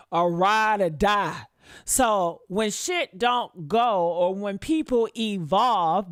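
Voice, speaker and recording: A woman's voice: mid-range voice, dry recording, clean studio sound. Blunt, profane woman commentator. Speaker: online commentator. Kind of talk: casual commentary rant.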